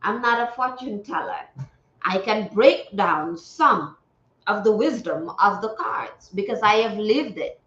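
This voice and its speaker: Slow-talking earnest woman on a livestream. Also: mid-range voice, lively intonation, a bit bright. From Gambia. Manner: earnest, preachy, repeats phrases for emphasis. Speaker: spiritual livestream host. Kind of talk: casual livestream talk. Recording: roomy, dull lo-fi sound.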